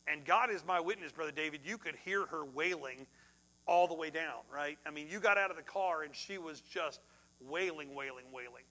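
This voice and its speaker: A middle-aged man, a pastor preaching a sermon and telling a personal story, swinging from loud outbursts to hushed tones. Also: a little high, moderate pace, low-quality recording.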